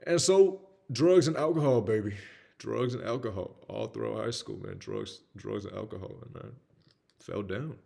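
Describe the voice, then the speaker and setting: A young man with a Southern US accent gives a blunt, candid motivational talk about his own life, slangy and peppered with "man." His voice is on the low side and dark in tone, with vocal fry, at a moderate pace.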